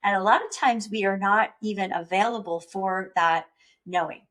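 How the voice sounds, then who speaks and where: A woman's voice: medium pitch, normal speed, fairly bright tone. Earnest woman hosting a reflective podcast. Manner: earnest, self-reflective, acts out panicked inner voice. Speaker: podcast host. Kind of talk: personal reflective monologue.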